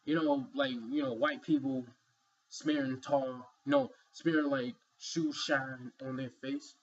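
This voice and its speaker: A man's voice: medium pitch, fairly even intonation, slow pace, muffled recording. A man giving an emphatic, rambling opinion commentary, filled with "you know" asides. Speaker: vlogger.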